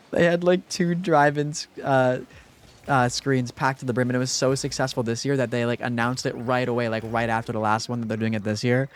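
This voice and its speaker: A man's voice: medium pitch, flat delivery, moderate pace. A young man streaming live, chatting casually and rambling with lots of fillers while thanking viewers.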